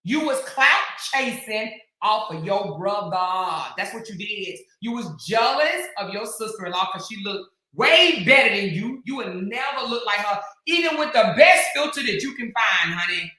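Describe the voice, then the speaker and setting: A woman hosting a commentary channel, scolding and taunting in a heated rant with drawn-out emphasis and bursts of shouting. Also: mid-range voice, animated. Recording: very echoey room.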